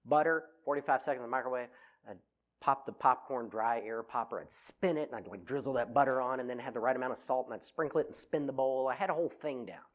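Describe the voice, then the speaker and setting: A man's voice: mid-range voice, fast talker. A middle-aged man giving a humorous talk to an audience on personality types, telling self-mocking stories. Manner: animated, self-mocking storytelling.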